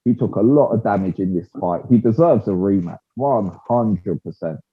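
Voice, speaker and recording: A man co-hosting a casual fight-talk podcast, talking in a slangy, animated way and often saying "bruv". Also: lowish voice, moderate pace, husky. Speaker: podcast co-host. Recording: muffled phone-like audio.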